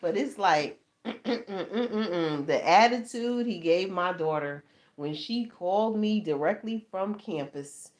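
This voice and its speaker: Animated woman telling a story. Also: mid-range voice, slow pace. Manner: animated, laughing, swearing, lots of "you know what I'm saying". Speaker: tarot channel host. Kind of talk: casual storytelling chat.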